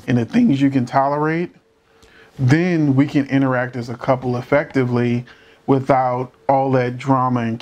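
Male commentator, casual and opinionated, emphatic with rhetorical questions; medium pitch, muffled lo-fi audio. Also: a little mellow. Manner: holds back from cursing. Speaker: commentator reacting to a court show.

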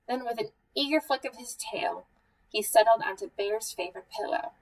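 A woman hosting a children's story time, reading a picture book aloud in a gentle, measured way. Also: fairly high pitch, gravelly. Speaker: museum story time host. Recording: voice a bit far from the mic.

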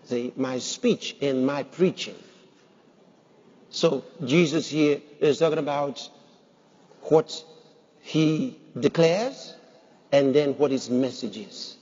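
Slow and pausing often, this pastor's voice is mid-range, mellow and husky. He preaches his sermon with emphasis and poses rhetorical questions to the congregation, recorded with a dull sound and long hall reverb.

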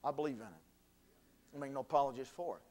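A man preaching a sermon as pastor, swinging from quiet earnest talk to shouted emphasis. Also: mid-range voice, fairly quick. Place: church sanctuary.

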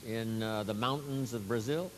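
A man addresses a hall of distributors in an earnest speech. He speaks deliberately, in short pieces. The recording carries a long hall reverb and a faint layer of background noise. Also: medium pitch. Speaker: company leader addressing distributors.

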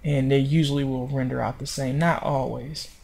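A man's voice: medium pitch, little pitch movement, normal speed, creaky, a little mellow. A man narrating a screencast tutorial on web design, explaining step by step in an informal way and correcting himself as he goes.

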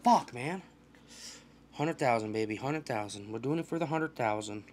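A young man talks through a video game as he plays, in a casual commentary style. He swears constantly and trash-talks his opponents with excitable energy, his voice sitting at an ordinary middle pitch. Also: moderate pace, slight background noise. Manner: profane, excitable trash talk. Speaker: gaming channel host.

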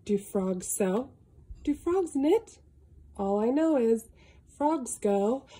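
A woman reading a picture book aloud to a young child, slow and sing-song, with gasps and animal sounds. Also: fairly high pitch, animated, warm tone, breathy edge. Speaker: storybook reader.

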